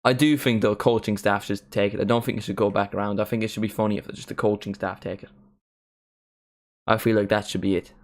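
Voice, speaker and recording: A man's voice: fairly low pitch, flat delivery, fairly quick. A young man streaming a football watchalong, chatting casually with lots of "like" fillers. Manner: rambling, many "like" fillers, sings along at times. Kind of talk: casual live commentary and chat.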